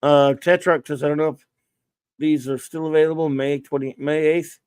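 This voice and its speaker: A man's voice: fairly high pitch, little pitch movement, normal speed, darkish tone, clean tone, no echo, clean studio sound. A man hosting a casual livestream, rambling along as he reads out viewer names and thanks each one. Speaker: livestream host.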